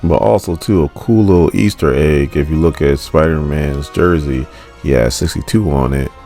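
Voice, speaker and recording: A man's voice: extremely low pitch, moderate pace, dark tone, soft background music. A man casually recapping a comic book issue in a chatty storytelling manner. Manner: chatty storytelling, acting out lines.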